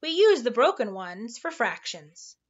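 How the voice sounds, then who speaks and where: A boastful, booming wizard of numbers from a storybook, as a woman reading aloud puts him on. He sounds grand and pleased with himself, a bit higher than you'd expect, on a dull lo-fi mic. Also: big pitch swings, measured pace. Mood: proud. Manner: loud and proud. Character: boastful, booming male math magician.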